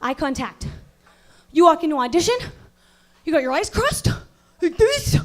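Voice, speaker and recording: A woman performing a stand-up comedy set on a club stage as a mock-serious acting teacher who bursts into outraged yelling. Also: sits high, lively intonation, normal speed.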